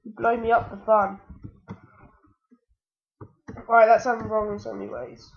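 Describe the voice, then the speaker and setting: An excitable woman narrates her game as she plays, chatting to the screen and yelping when things go wrong. Her voice sits fairly high, with a gravelly, creaky edge. The recording is dull and lo-fi. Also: a little slow. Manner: excitable, talks to the game, yelps when in danger. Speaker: gaming channel host. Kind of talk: let's-play gaming commentary.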